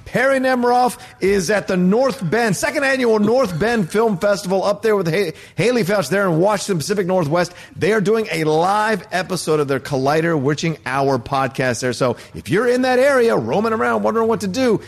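A man hosting a casual movie news talk show, upbeat and joking, with quick asides. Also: sits high, creaky. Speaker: host.

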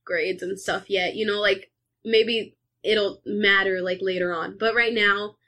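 A woman's voice: medium pitch, steady tone, measured pace, pushed and bright. A young woman co-hosting a casual podcast chat, rambling with lots of fillers and giggles. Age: young adult. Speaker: podcast co-host.

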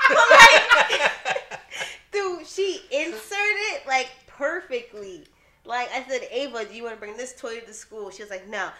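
A woman, a mother, co-hosting a casual podcast chat, telling expressive stories and laughing. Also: sits high, slow, long pauses, roomy sound, slight background noise. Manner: expressive storytelling, laughing, quoting her child. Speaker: podcast co-host.

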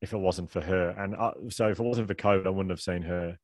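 A middle-aged man, a guest and author telling a candid story in a fast, rambling way, restarting his sentences often. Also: low voice, fairly even intonation, a little mellow, dry recording, clean studio sound. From Australia.

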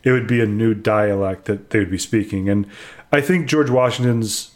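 Young guy, lowish voice, opinionated, rambling game review chat. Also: moderate pace. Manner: opinionated, explains at length with restarts. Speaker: co-host reviewing a video game. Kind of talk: casual chat.

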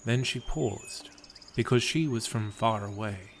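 A man reads a story in a calm, solemn, measured voice. His pitch sits low and his pace is very slow. Faint birdsong and insects hum behind him. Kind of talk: scripted story narration.

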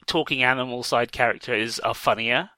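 A man co-hosting a podcast, musing about a film in an easy, conversational way. His voice is bright and forward, at a middling pitch. He often pauses on fillers and circles back to restart a thought, all on a dry close mic. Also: no room sound. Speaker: podcast co-host. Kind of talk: casual film discussion.

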